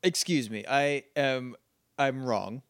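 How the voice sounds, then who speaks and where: A man's voice: mid-range voice, takes it slowly, fairly bright tone, clear, resonant tone, dry recording, clean studio sound. A man co-hosting a podcast in casual chat, making playful, jokey asides. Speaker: podcast co-host.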